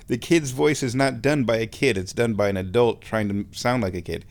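A man hosting his own show, talking in a relaxed, rambling way while lying down and chuckling often. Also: mid-range voice, normal speed. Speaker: solo show host. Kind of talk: casual monologue.

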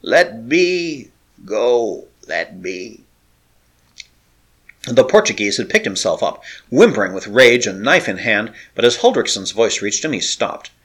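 Low-voiced man reading a dramatic tale. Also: very animated, moderate pace, few pauses, a bit bright, slightly rough. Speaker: audiobook narrator. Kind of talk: scripted story narration.

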